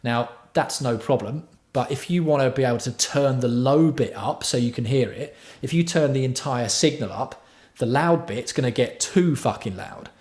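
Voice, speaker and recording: A man's voice: medium pitch, moderate pace, a little mellow. A man hosting a casual livestream tutorial on music production. He chats with his viewers and swears freely. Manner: chatty, swears freely, answers viewer chat.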